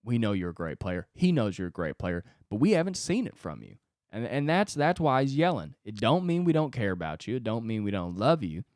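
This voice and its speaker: A man playing a calm assistant coach who gently reassures a player after the head coach yells. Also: on the low side, brisk, dry recording, studio quality. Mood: reassuring. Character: calm, soothing male assistant football coach.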